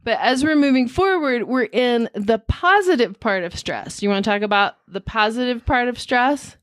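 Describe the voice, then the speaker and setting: A woman with a fairly high voice hosts a relaxed podcast chat, speaking earnestly and reflectively. The sound is dry and close to the mic. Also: moderate pace, no echo. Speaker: podcast host. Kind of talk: casual podcast conversation.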